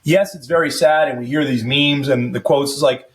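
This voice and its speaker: A man's voice: mid-range voice, fairly even intonation, normal speed, hardly any pauses. A man in his thirties hosting a casual podcast as a first responder, telling profane, rambling stories and slipping into mock voices. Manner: profane, loose storytelling that slips into mock voices.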